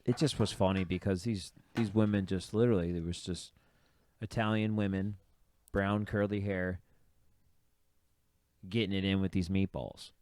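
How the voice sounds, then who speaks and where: A man's voice: sits low, steady tone, moderate pace, pauses often, darkish tone, no room sound. A man co-hosting a casual podcast chat, rambling through stories and laughing often. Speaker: podcast co-host.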